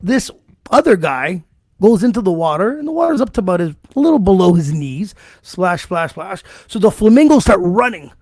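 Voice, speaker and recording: High-pitched gravelly man telling a story. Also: darkish tone, dry recording. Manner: profane, laughing storyteller. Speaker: podcast co-host. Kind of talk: casual podcast chat.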